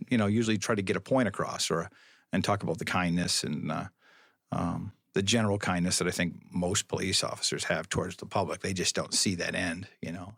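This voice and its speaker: A man's voice: low-pitched, a bit bright, dry recording, clean studio sound. A middle-aged man, a police spokesman, telling a long story as a podcast guest in a wry, rambling way that keeps correcting itself. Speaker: police public information officer, guest. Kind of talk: storytelling interview.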